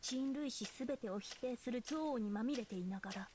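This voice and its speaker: A woman's voice: a little high, very fast, noisy background, lightly acted. A woman voicing a regal young female sword-wielding servant in a game, speaking in imperious, archaic royal tones. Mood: grave, wary. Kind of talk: game voice acting.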